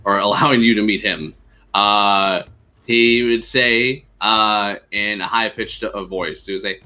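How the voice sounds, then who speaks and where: A man narrating as game master of a tabletop game, pausing often with fillers. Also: fairly low pitch, fairly even intonation, sharp tone. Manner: halting, many fillers.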